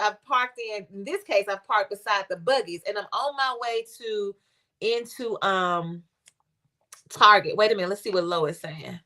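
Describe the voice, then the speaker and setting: A woman's voice: mid-range voice, pushed and bright. A woman pastor, preaching conversationally and telling a story with rising fervor.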